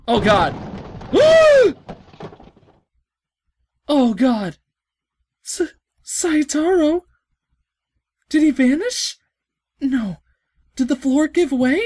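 An excitable woman plays through a game and reads its dialogue aloud, stammering, yelping and gasping as she goes. Her voice sits a little high and she talks slowly, drawing her words out. The sound is dry and close, with no room echo. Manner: excitable, yelps and gasps, swears, frequent stammering. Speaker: let's play host. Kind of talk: let's play commentary with read-out game dialogue.

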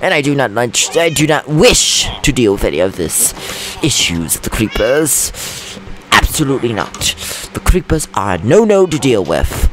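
A man's voice: mid-range voice, sing-song, moderate pace, noisy background. A man casually commenting on his own gameplay, goofy and chatty, giggling often and getting jumpy and nervous. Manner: jumpy, nervous about threats. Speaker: gaming channel host. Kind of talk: Let's Play commentary.

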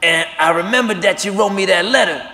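A male comedian imitating a famous rock star as a relaxed, friendly middle-aged man, recorded live in an echoey hall. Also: sits high, fairly quick.

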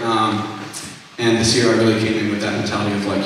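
A man's voice: on the low side, fairly even intonation, quick pace, hardly any pauses, background noise. A young man giving a casual, rambling testimony between songs at a student concert, full of fillers and self-corrections. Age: young adult. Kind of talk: informal spoken testimony at a concert. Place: concert hall. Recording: echoey hall, heard from far off.

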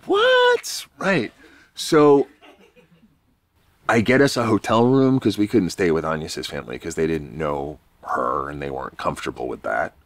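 A man's voice: rumbling low, moderate pace, no room sound. A man from New York, a podcast guest, telling a rambling, self-deprecating story in a casual, swearing way.

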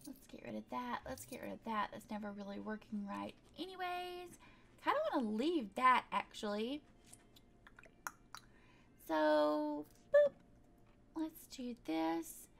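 A woman's voice: high voice, lively intonation, slow pace, vocal fry, pauses often, a bit bright, a little hiss or hum. A woman giving casual, chatty commentary while she plays a building game, thinking aloud and tossing in playful sound words. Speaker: gaming video creator.

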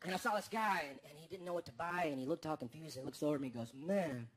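A man doing a stand-up comedy set on stage, telling stories deadpan and then bursting into loud, exaggerated rants. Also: a little high, rapid-fire. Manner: deadpan storytelling that breaks into loud, exaggerated outbursts. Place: comedy stage before a live audience. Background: audience laughter and applause.

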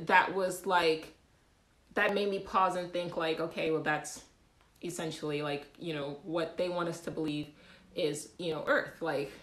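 Chatty woman with a low voice, echoey room. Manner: animated, laughing, many fillers and restarts. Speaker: livestream host. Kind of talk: casual livestream chat.

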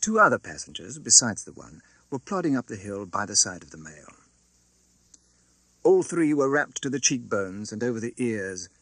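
Expressive male audiobook narrator, bright tone. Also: medium pitch, husky, no echo. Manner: expressive, dramatic reading. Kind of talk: scripted narration of a classic novel.

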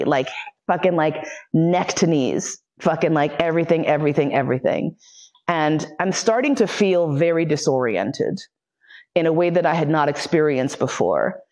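A woman's voice: sits low, animated, moderate pace, a little mellow. A woman lecturer telling a personal story frankly and with plenty of swearing, acting out the voices she quotes.

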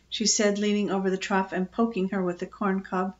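An older woman, a grandmother storyteller, reading a children's book aloud in a gently expressive way. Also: medium pitch, fairly quick, dull audio.

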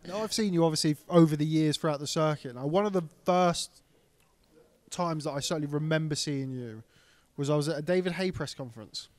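A male interviewer asking brisk, fast-running questions in a casual interview. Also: a little high, no echo.

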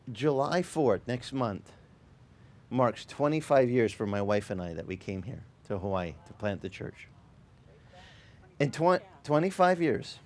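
A middle-aged man, a pastor, telling a story in a sermon with an animated, chatty manner, acting out other people's lines. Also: mid-range voice.

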